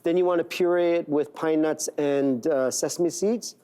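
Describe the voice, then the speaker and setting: A man's voice: on the high side, moderate pace, mellow, clean tone. A man from Korea, a guest chef on a TV talk show, walking hosts through recipes step by step with frequent "right?" checks. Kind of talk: cooking demonstration. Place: TV studio kitchen.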